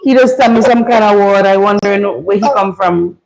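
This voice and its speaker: A woman's voice: mid-range voice, a little fast, gravelly, darkish tone, low-quality recording. Vincentian woman hosting a casual live chat. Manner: chatty, dialect-heavy creole phrasing. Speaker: livestream host.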